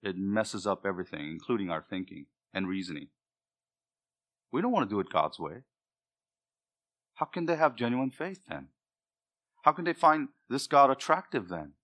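Bright-voiced male preacher, emphatic. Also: fairly low pitch, big pitch swings, normal speed, long pauses. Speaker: pastor. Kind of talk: sermon.

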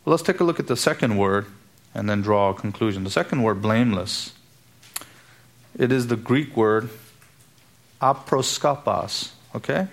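A man preaching a sermon to his church, emphatic and full of rhetorical questions. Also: on the low side. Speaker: pastor.

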